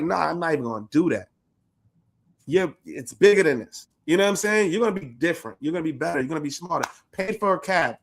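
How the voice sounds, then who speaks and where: A man with a somewhat higher voice, co-hosting a podcast and telling a personal story with real animation. He laughs easily and talks in casual, streetwise slang, swearing freely as the story builds. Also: gravelly. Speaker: podcast co-host.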